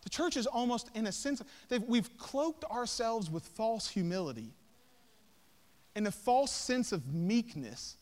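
A man's voice: very high-pitched, lively intonation, a little slow, darkish tone. Man, pastor, sermon, rhetorical questions, emphatic, casual "like", reverberant hall. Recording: long reverb of a large hall.

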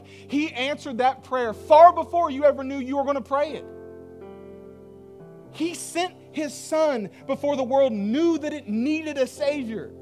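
Pastor, male, high voice, earnest casual preaching, soft music underneath. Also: measured pace. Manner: earnest, emphatic preaching in casual everyday speech. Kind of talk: sermon.

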